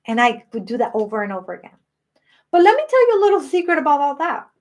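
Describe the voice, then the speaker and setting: A woman's voice: high-pitched, very animated, quick pace. A woman in her late thirties hosting a live stream, talking earnestly and emotionally about self-worth. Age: 30s. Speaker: spiritual channel host.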